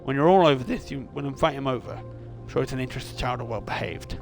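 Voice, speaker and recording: A man voicing a furious, snobbish middle-aged mother scolding her child in a shrill, indignant tone. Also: quick pace, gravelly, soft background music, close to an everyday voice.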